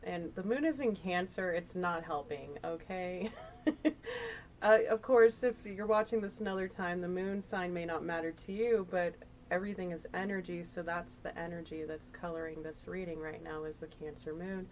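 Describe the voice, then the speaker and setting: A woman's voice: fairly low pitch, steady tone, moderate pace, a little mellow, a little hiss or hum, poor audio. A woman giving a casual, emotional tarot reading, chatty and rambling with fillers. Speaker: tarot reader.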